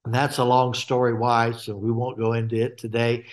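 A man from Alaska, a guest telling his faith testimony in a halting way with many fillers and restarts. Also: medium pitch, monotone.

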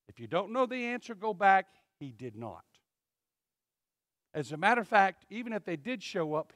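A male pastor delivering a sermon in an emphatic way, swinging from loud to hushed. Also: high voice, dry recording, studio quality. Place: church.

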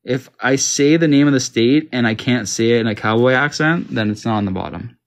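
A Canadian man with a mid-range voice talks fairly quickly to himself as he plays a map quiz game. He's a gamer giving casual commentary, sounding confused and cracking jokes.

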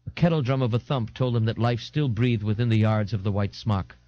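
A man narrating an audiobook in an expressive, dramatic reading. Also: lowish voice, brisk, no echo. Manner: expressive, animated. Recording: dull lo-fi 1980s audiobook tape.

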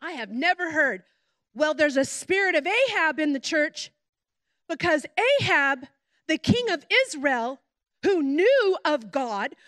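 A middle-aged woman, a pastor's wife, preaching a sermon with animated storytelling and chatty asides. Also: very high voice, no room sound, clean studio sound.

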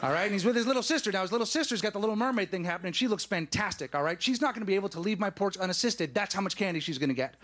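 A man in his late thirties doing a stand-up comedy set, animated and emphatic, with punchy asides. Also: high voice, rapid-fire, hardly any pauses. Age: 30s. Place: studio stage before a live audience.

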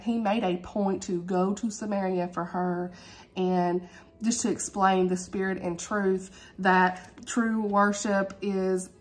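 A woman talking casually to her camera at home in a reading vlog, heartfelt and chatty, calling listeners "y'all" and "honey". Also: medium pitch. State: tearful, emotional. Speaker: book vlogger.

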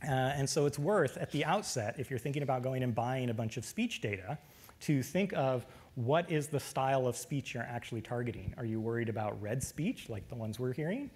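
Man, lecturer, technical talk, casual pace, easy fillers, mid-pitched voice. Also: fairly quick, slightly rough. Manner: relaxed with frequent fillers and brief laughs.

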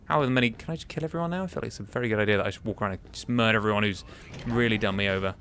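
A man's voice: lowish voice, racing, a bit bright, slight background noise. A young man giving chatty, exasperated commentary while playing a game. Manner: chatty, exasperated, muttering to himself. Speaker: gaming commentator. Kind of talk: casual let's-play commentary.

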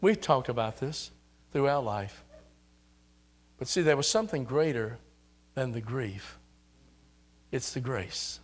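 An older man preaching a sermon in a church, building up to loud, repeated exhortations. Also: medium pitch, lively intonation, slow pace, pauses often. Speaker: pastor. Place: church sanctuary.

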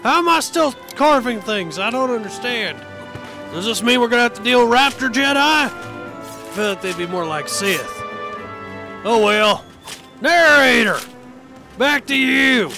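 A man's voice: very high-pitched, expressive, unhurried, pauses often, exaggerated voice. A man voicing a belligerent old-timer monster hunter in comedic gameplay commentary, folksy and grumbling. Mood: gloating. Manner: folksy grumbling, cries dadgummit. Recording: game music under voice. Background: video game music.

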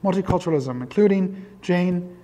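A man's voice: sits high, moderate pace, background noise. A man in his fifties from Iowa gives a public lecture as a guest speaker. He tells digressive personal anecdotes and pokes fun at his younger self. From Iowa, USA. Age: 50s. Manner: self-deprecating, digressive storyteller. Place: large hall in a synagogue. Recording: long hall reverb.

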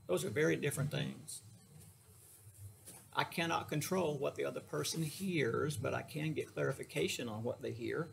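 A man's voice: medium pitch, moderate pace, vocal fry, a little hiss or hum. A middle-aged man, a therapist, giving a casual lecture in a folksy, joking way, speaking straight to his listeners.

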